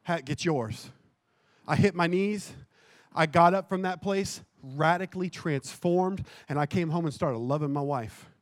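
High-pitched guy preaching a sermon, chatty then shouting with fire, super dry sound. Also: a little slow, dry recording. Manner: impassioned preaching that swells to shouting; conversational and self-correcting, with jokes. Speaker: pastor.

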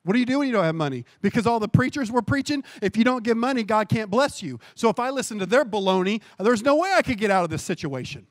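Male pastor, high pitch, dry close sound; lively sermon testimony, repeats phrases for emphasis. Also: fast, few pauses, no echo.

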